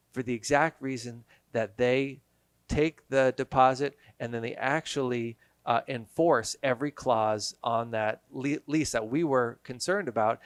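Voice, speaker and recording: A man of medium pitch who is a podcast guest, telling a story with animated energy. His voice is recorded dry and close on a podcast mic, with no room sound. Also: clear, resonant tone, no echo. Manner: animated storyteller, acts out quotes. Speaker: guest, business owner. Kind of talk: casual storytelling.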